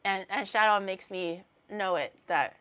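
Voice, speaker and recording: A woman's voice: mid-range voice, measured pace, pushed and bright, clean tone. A young woman from Canada chatting casually on a stream, rambling with lots of restarts and fillers, giggly and self-deprecating. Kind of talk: casual chat.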